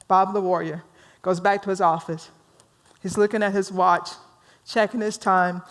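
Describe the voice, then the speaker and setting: A woman minister leading a workshop. She tells stories in an animated way, laughs easily and asks the audience questions. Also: mid-range voice. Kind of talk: storytelling workshop talk.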